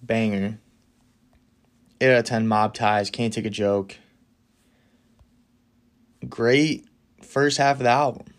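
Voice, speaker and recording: Opinionated man hosting a casual podcast. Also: on the low side. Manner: opinionated, fast, with excited bursts. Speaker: podcast host. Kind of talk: casual solo podcast talk.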